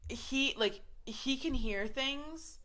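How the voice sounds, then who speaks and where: A woman podcast host telling a story in casual chat, animated and swearing freely, with lots of "like". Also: high voice, takes it slowly.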